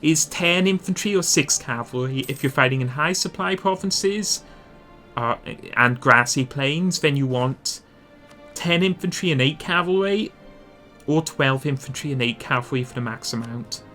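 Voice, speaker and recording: A man's voice: fairly high pitch, normal speed, bright, forceful tone, faint music behind. Man narrating a strategy game guide. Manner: explanatory, self-correcting, thinking aloud. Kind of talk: instructional gameplay commentary.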